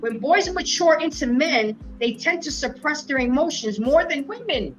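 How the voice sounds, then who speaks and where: High-voiced emphatic woman host. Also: expressive, moderate pace, faint music behind, low-quality recording. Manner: emphatic and storytelling. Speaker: show host. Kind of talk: casual panel debate.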